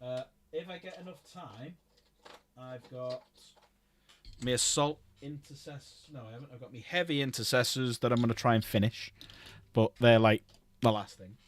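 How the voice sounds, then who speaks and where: A man's voice: medium pitch, moderate pace, a little hiss or hum. A middle-aged man rambling casually while he paints models on a livestream, swearing freely.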